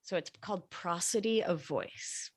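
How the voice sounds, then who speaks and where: A woman talking as a podcast guest, explaining things in a calm, gentle, sing-song way. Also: fairly low pitch, a little slow. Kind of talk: casual podcast conversation.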